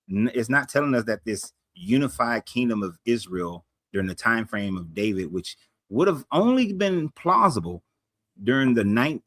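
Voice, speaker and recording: A man's voice: mid-range voice, no echo. A man hosting a casual livestream, talking bluntly in a rambling way and often correcting himself. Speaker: livestream host.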